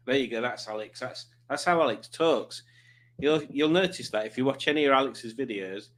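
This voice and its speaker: A man's voice: on the high side, very animated, fairly quick, fairly bright tone. A man chatting casually on a livestream, rambling and reading out viewer comments. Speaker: livestreaming YouTuber.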